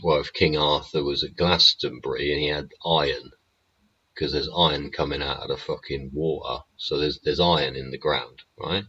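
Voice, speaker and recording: A man with an extremely deep, husky voice delivers a rambling live-stream monologue. His tone is sharp and forceful, and he swears bluntly throughout. The audio is dull and lo-fi. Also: steady tone, moderate pace. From England. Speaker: show host.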